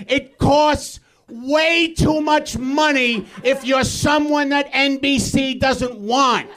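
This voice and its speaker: A male comedian on a live stage, shouting an exasperated, profane rant. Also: extremely high pitch. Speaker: comedian guest.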